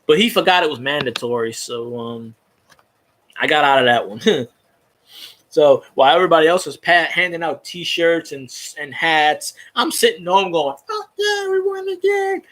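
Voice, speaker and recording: A man's voice: a little high, normal speed, a bit bright. A young man in casual sports talk, ranting with profanity and frequent stumbling restarts.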